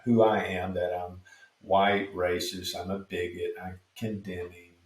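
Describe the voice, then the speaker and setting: A man answering interview questions as a street preacher, telling his stories in a calm, measured way. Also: deep voice, far from the mic. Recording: echoey room, off mic.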